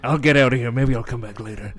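A man's voice: mid-range voice, quick pace, a bit bright, soft background music, close to an everyday voice. A man playing a hot-headed, unstable male drifter who talks bluntly and combatively in an improvised comedy bit. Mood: gruff.

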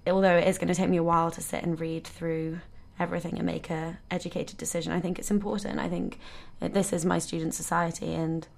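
A young woman student speaks as a radio guest, earnest and enthusiastic, often breaking into light laughter. Her voice sits a little low for a woman. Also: flat delivery, fast talker, creaky, hardly any pauses. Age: young adult. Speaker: first-year student guest. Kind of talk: casual radio chat. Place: radio studio.

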